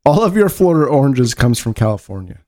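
A man's voice: mid-range voice, sing-song, quick pace, mellow, no room sound, studio quality. Pushy joking man on a podcast. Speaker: podcast co-host. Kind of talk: casual chat.

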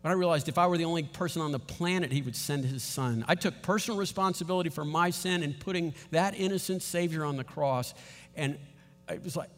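A man preaching a sermon, animated, acting out little scenes and often laughing. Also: a little high, a little fast, long reverb tail, soft background music. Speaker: pastor.

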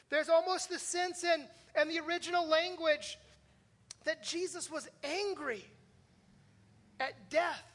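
A man's voice: very high voice, pushed and bright. A male pastor preaching a sermon in a conversational way, tossing questions to the congregation and joking about himself. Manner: conversational, asks the congregation questions with frequent "right?"; self-deprecating humor. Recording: long reverb of a church hall.

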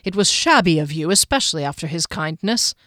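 A woman's voice: sits low, expressive, fairly quick, a bit bright, no echo. Narrator's earnest knight, man, formal, disapproving, close dry read. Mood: reproving. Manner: reproving, formal. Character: stern earnest male knight.

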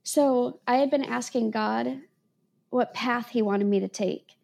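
A woman author tells a personal story to an interviewer, with a fairly high voice that keeps dropping into vocal fry. She talks in an earnest, rambling way and often restarts her sentences. Now and then she laughs at herself. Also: measured pace, darkish tone. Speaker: podcast guest, author.

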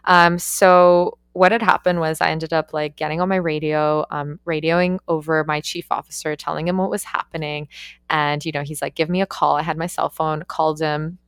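A woman's voice: deep voice, clean tone, no room sound, studio quality. A young woman who works on yacht crew, telling a story casually with lots of swearing and "like" fillers. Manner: profane, animated, frequent "like" fillers.

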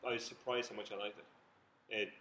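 A man co-hosting a casual film chat, quick and teasing. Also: lowish voice, flat delivery, sharp tone, reverberant, slight background noise. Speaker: film show co-host.

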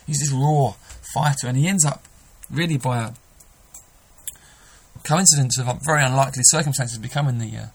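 Preacher guy giving a sermon, gravelly husky voice, earnest, keeps restarting. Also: medium pitch, normal speed, rough recording.

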